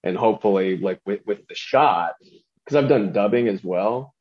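Low-voiced man in loose podcast chat. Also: normal speed, dull audio. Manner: rambling, drops into celebrity impressions. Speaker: voice actor guest.

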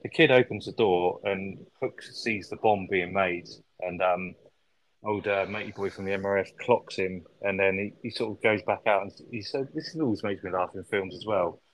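A man's voice: low voice, steady tone, moderate pace, rough recording. A man co-hosting a podcast, chatting casually about a film, recapping scenes and swearing freely. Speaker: podcast co-host.

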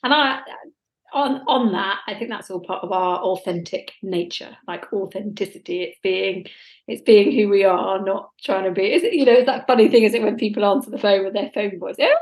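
A woman co-host speaking with a Norfolk accent, at a middle pitch for a woman. She chats casually and easily, dropping in lively quoted remarks as she tells stories. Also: brisk. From England. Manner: chatty, self-deprecating, with lively quoted asides. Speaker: podcast co-host. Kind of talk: casual chat.

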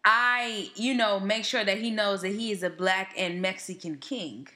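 Woman, young adult, podcast co-host, bright clear voice, animated slangy storytelling. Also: medium pitch, unhurried. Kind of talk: casual chat.

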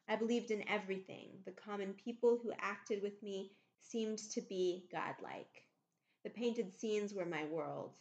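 A woman's voice: medium pitch, a little mellow, echoey room, lightly acted. A woman reading aloud, voicing a dreamy, devoted young actress in a lingering, lyrical way. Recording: slightly muffled recording.

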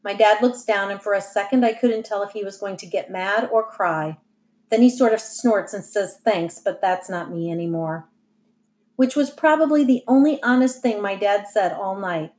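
A woman's voice: mid-range voice, moderate pace, a little mellow. Woman reading a novel aloud. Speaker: audiobook reader. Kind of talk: first-person novel narration.

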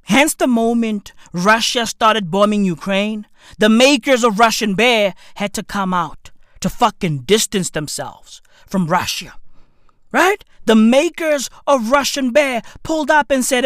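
South african woman ranting and swearing, voice bouncing all over, slow drawl, dry close sound. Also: on the high side, expressive, no room sound. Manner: rants loudly with heavy swearing and slang. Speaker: comedic commentator. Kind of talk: profane ranting commentary.

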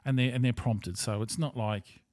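Australian male host, casual monologue, swears freely, rambles, mid-pitched voice, dry close sound. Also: steady tone, moderate pace, darkish tone, dry recording. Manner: rambling, profane and blunt.

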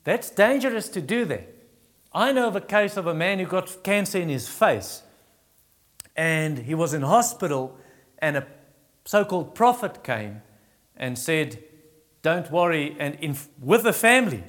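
A man's voice: big pitch swings, long reverb tail. Man preaching with acted-out voices. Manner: acts out Bible voices in a raised pitch, quiet and slow on comfort; halting restarts while teaching. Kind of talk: sermon.

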